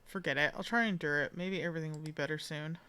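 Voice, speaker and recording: A woman's voice: low-pitched, racing, bright, forceful tone, clear, resonant tone. A woman reading aloud the lines of a grumpy, overworked young female engineering consultant in a game, irritable and defensive.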